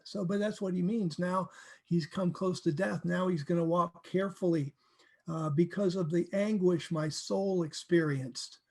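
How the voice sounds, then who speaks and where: A man teaching from the Bible in a casual, animated way, acting out verses and laughing often. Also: high-pitched, a little slow, gravelly.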